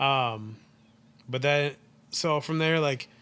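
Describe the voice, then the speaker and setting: Bright-voiced man rambling through a film plot. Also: medium pitch, slow pace, clean tone. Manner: rambling, heavy use of "like" and "um". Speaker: podcast co-host. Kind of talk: casual chat retelling a film plot.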